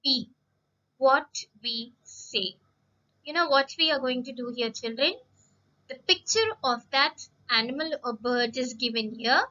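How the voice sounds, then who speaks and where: A woman teacher giving a recorded lesson to young children, speaking slowly and patiently, repeating words and often addressing the children. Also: high voice, bright, forceful tone, highs cut off.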